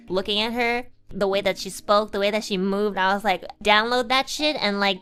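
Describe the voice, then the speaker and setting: A young woman streamer casually telling a personal story, animated and exaggerated, acting out the people she quotes and laughing along. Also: mid-range voice, smooth.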